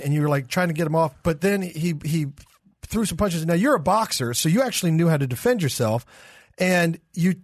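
A man's voice: a little high, no echo. A middle-aged male host speaks in a slightly raised voice and hurries through his points with fillers. The sound is close and dry, like a studio mic. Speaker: radio show host. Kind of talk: casual talk show chat.

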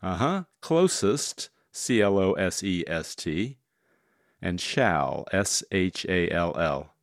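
A man running a word puzzle on radio, calmly spelling words out letter by letter and explaining the next challenge. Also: sits low, slow pace, no room sound, clean studio sound. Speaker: puzzle master.

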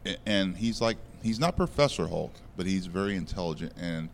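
A man's voice: low voice, animated, moderate pace, slight background noise. A man co-hosting a podcast, recapping a comic in casual chat with many fillers and restarts. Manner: rambling, filler-heavy recapping. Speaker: podcast co-host.

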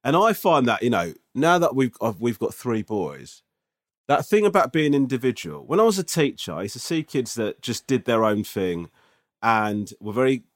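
A man in his forties co-hosting a casual podcast, telling animated, self-mocking stories. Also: medium pitch, moderate pace. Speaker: podcast co-host. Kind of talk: casual chat.

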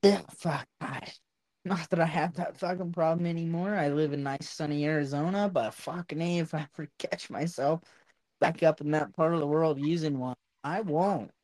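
A man's voice: on the high side, fairly even intonation, moderate pace, a little mellow, no room sound. A man hosting a casual chat, profane, laughing often. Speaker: podcast host.

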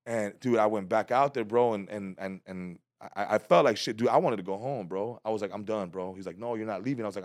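A low-voiced man tells a comedy story in a relaxed, slangy way. He acts out quotes with sudden loud jumps. The sound is dry and close. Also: fairly quick, few pauses, no room sound. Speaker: comedian guest. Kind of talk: casual storytelling in a podcast interview.

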